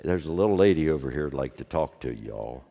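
A middle-aged man preaching a sermon to his congregation, moving from hushed storytelling to loud, fervent preaching. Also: very deep voice, expressive, brisk, highs cut off. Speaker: pastor. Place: church sanctuary, also streamed online. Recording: long hall reverb.

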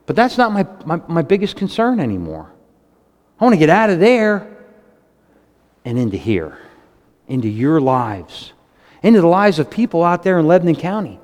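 Man in his fifties, fiery sermon, animated swinging pitch, long church-hall reverb. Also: moderate pace, pauses often. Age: 50s. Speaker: preacher.

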